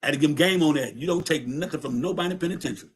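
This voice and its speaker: Casting note: man, slightly high voice, streetwise storyteller, loose and profane. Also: very fast, husky. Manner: streetwise, profane, repeats words. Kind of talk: casual storytelling.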